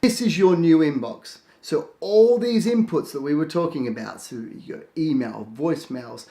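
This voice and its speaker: Energetic coach in an echoey room. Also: male voice, fairly high pitch. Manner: lively, acts out his own thoughts in quick asides. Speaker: productivity coach. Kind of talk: casual instructional talk to camera.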